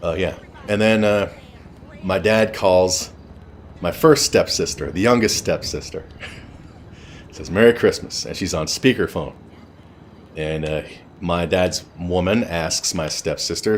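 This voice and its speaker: A man's voice: sits low, slow, long pauses, slight background noise. A man telling a rambling personal story in a blunt, casual way with frequent swearing, while streaming a game. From Canada.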